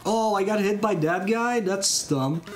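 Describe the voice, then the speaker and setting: Game music plays as a speedrunner streams his run, his voice sitting high and his pace measured. Relaxed, he explains each move and glances at chat to talk with viewers in between.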